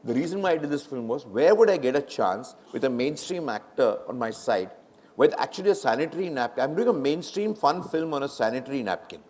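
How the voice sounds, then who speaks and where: Speaking briskly in a mid-range voice, this middle-aged director with an Indian English accent shares anecdotes during a live fireside chat held in a large hall. He performs the quoted exchanges with lively energy.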